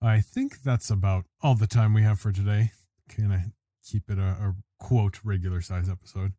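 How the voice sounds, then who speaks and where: Man with a low, mellow voice. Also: fairly even intonation, moderate pace, dry recording, clean studio sound. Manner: storytelling with a riled-up edge. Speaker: podcast co-host. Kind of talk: casual chat.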